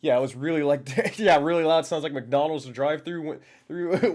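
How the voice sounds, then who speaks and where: A man's voice: fairly high pitch, normal speed, hardly any pauses, darkish tone. A young man hosting a live stream, chatting loosely with his viewers, thinking aloud, swearing and laughing often, speaking into a condenser microphone. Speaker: livestream host. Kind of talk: casual live-stream chat.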